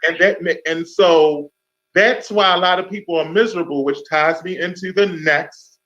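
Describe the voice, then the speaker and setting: Over a dull lo-fi recording, a radio talk show host with a high voice spins a casual story at normal speed. He is an animated storyteller, acting out each person's voice.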